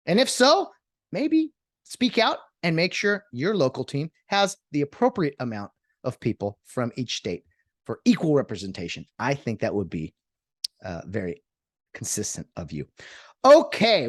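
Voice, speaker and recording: A podcast host delivers a solo monologue, rambling sarcastically as he jumps from topic to topic. His pitch leaps all over the place. The recording is dry and close, with no room sound around it.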